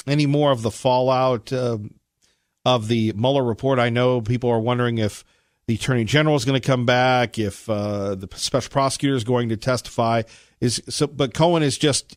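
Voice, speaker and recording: A man's voice: medium pitch, normal speed, no room sound. A male talk radio host in a studio, chatty and upbeat, introducing guests and callers. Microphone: studio microphone.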